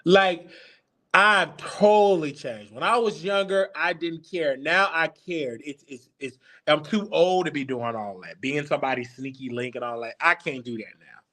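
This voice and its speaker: A man in his thirties, hosting a live Q&A, tells personal stories candidly and confidingly. He speaks at normal speed in a slightly high voice with a sharp tone.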